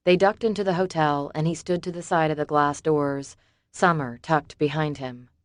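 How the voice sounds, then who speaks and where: A woman narrating an audiobook in an even, measured reading. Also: sits low, no room sound, clean studio sound. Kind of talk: scripted narration.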